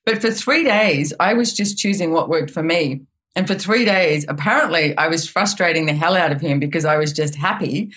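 A woman guest and author in a casual podcast conversation. She tells stories in an animated way and often says "it's like.". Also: sits low, normal speed. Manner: animated storytelling with frequent "it's like".

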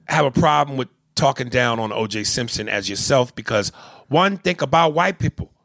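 A man putting on an exaggerated, high, shouting comic voice. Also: animated, normal speed, creaky, no room sound, studio quality. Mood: mocking. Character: shrill excitable male caricature voice. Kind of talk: comic put-on voice.

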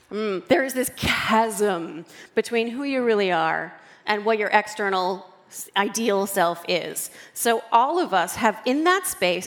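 A woman author giving an animated talk to a live audience, acting out quoted voices as she goes. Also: medium pitch. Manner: expressive, acts out quoted voices. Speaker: author and guest speaker. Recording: long hall reverb.

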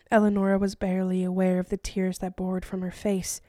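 Mellow-voiced woman narrating an audiobook. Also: fairly low pitch, no echo, clean studio sound. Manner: steady, measured storytelling. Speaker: author and podcast host.

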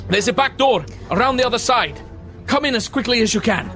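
A man voicing a desperate young nobleman who shouts pleas for help from a window. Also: very high voice, animated, a little fast, faint music behind, voice pushed up. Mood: desperate pleading.

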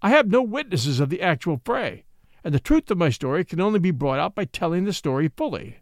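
A man's voice: high-pitched, sing-song, fairly quick, no room sound, studio quality. A man reading aloud and voicing a humble, earnest scholar who pleads his case on the witness stand. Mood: pleading.

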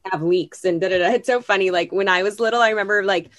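A woman's voice: mid-range voice, fast talker, dry recording. A woman in her thirties co-hosting a podcast, chatting casually and often saying "like", sometimes acting out voices. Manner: chatty, peppered with "like", acts out inner voices. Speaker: podcast co-host. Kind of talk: casual chat.

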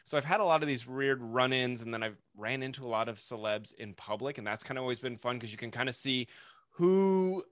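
Bright, dry-voiced man telling stories. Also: mid-range voice, a little fast, no room sound. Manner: relaxed storytelling with filler words. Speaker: podcast guest. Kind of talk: casual podcast chat.

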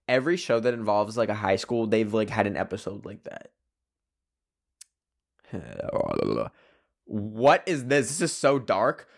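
A young man rambling playfully through casual would-you-rather questions on his own video channel, with many fillers. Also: mid-range voice. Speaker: solo video creator.

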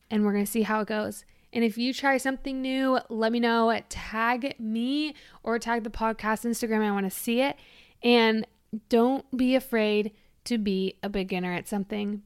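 A woman's voice: a little high, clear, resonant tone, dry recording, studio quality. A young woman in her twenties hosting her own podcast, chatting casually in a bubbly, gushing way with lots of "like"s. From Michigan. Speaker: podcast host. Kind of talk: casual solo podcast chat.

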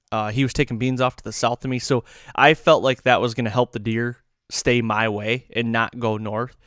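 A man's voice: medium pitch, fairly bright tone, clear, resonant tone, dry recording, clean studio sound. A man hosting a podcast, telling a long story casually in a rambling, self-correcting, folksy way. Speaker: podcast host.

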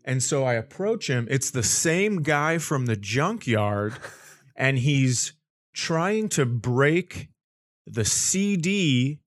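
A man's voice: mid-range voice, takes it slowly. A man telling a long comic story on a podcast, acting out the quoted lines and laughing as he goes. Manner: animated anecdote with quoted voices and laughter. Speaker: comedian guest.

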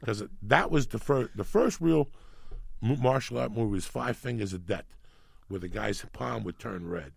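A middle-aged New York man with a low, heavily gravelly and husky voice, telling stories in a profane, rambling way. The sound is dry and close, with no room in it. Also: normal speed, no room sound. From New York City. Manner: profane, rambling, animated storyteller. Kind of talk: casual storytelling chat.

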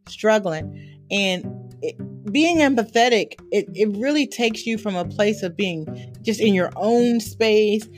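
A woman speaking as a therapist on a podcast, telling stories in a lively way and laughing often. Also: mid-range voice, a little slow, faint music behind. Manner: animated storytelling with frequent laughter. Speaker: therapist guest. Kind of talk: podcast interview.

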